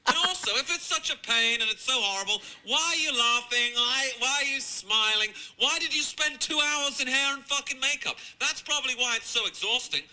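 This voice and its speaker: Sarcastic, high-voiced British comedian ranting. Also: male voice, brisk, hardly any pauses, bright, forceful tone, rough recording. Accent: British English. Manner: sarcastic, profane, mocking. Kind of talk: ranting commentary over video clips.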